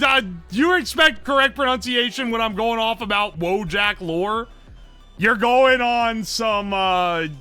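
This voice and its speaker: A man whose high voice has a clear, resonant tone chats casually on a live stream in an Appalachian accent. He's animated and jokey, reading out his chat's messages and answering them.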